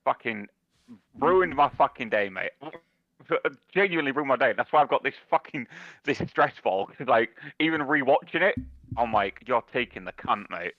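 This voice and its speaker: A young man rants and swears in a casual podcast chat, and every few words he tosses in "mate" or "bruv." His voice sits at an average pitch. The recording is dry and a little dull, with no room sound. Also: normal speed, no echo. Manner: animated ranting, heavy swearing, repeats "mate" and "bruv". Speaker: podcast co-host.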